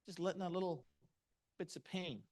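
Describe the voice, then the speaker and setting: A man's voice: high-pitched, moderate pace, a little mellow. A middle-aged man giving a motivational seminar talk, punchy and asking the audience questions. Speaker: motivational speaker.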